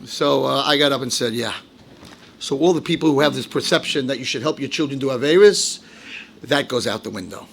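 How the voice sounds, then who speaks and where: A man giving a sermon as a rabbi, animated, dropping into low asides and rising into shouted, acted-out quotes. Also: brisk, gravelly, slightly rough. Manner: animated, swings from low asides to shouted high-pitched outbursts, acts out quotes. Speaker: rabbi giving a Torah lecture.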